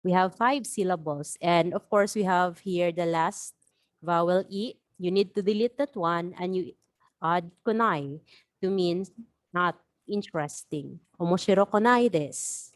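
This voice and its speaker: A woman teaching a beginner language lesson, explaining patiently and repeating example phrases slowly. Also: on the low side, dry recording, clean studio sound.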